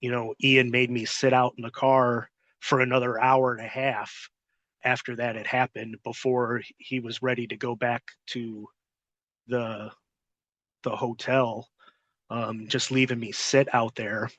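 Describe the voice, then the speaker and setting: Male host, bright forceful voice, blunt and cursing a lot, dry close sound. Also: mid-range voice, level tone, a little slow, no echo. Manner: blunt and heavily profane. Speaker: podcast host. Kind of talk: casual interview storytelling.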